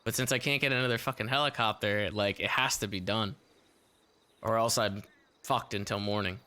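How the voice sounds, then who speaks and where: A man's voice: lowish voice, steady tone, moderate pace, sharp tone, clear, resonant tone. A man streaming a role-play game, commenting in an exasperated way, swearing and laughing.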